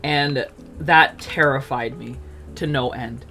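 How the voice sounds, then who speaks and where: A woman chatting casually as she tells a personal story, full of fillers, acting out quotes in an animated way. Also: extremely low pitch, slow, gravelly, soft background music. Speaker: streamer telling a personal story.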